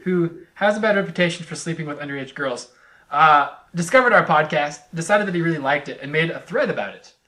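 A young man hosting a casual podcast chat, upbeat and quick to laugh, reading listener mail aloud. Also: a little high, expressive, pushed and bright. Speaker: podcast host.

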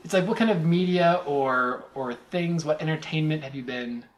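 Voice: medium pitch, normal speed. A podcast host leading a casual chat among friends, joking and laughing often.

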